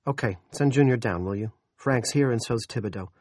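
A man voicing a frazzled middle-aged male police chief who talks out of breath, rapid and worried. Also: medium pitch, darkish tone, no echo, clean studio sound, voice pushed up, lightly acted. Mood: harried.

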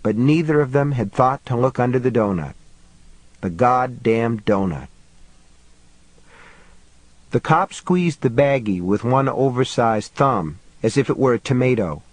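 A man narrating an audiobook in a measured, steady storytelling manner. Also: medium pitch, dry recording, low-quality recording. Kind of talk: scripted narration.

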